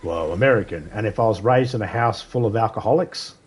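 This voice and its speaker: A man's voice: on the low side, brisk, slightly rough. A man streaming a video game live, chatting casually with slightly slurred speech, rambling through stories and laughing often. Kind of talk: casual chat while gaming live.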